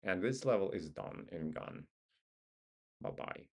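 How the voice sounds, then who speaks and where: A man's voice: low voice, animated, a little slow, gravelly, a little mellow. A man with a Russian accent, talking casually to himself while he goes over stock charts and joking now and then. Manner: laid-back, muttering to himself, joking. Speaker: stock market streamer. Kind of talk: casual trading commentary.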